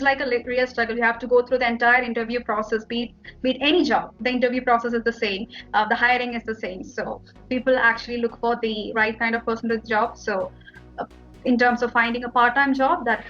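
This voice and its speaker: A woman's voice: fairly high pitch, a bit bright, lo-fi sound. A young woman from India with an Indian accent, talking casually as an interview guest and filling her speech with "like" and "you know". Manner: chatty, fillers like "like" and "you know".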